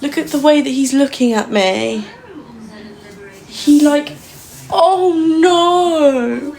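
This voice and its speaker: A young woman from England has a high, gravelly voice and takes things slowly, heard through poor audio. Streaming casually by phone in her home kitchen, she baby-talks her dog as a loud crowd carries on behind her.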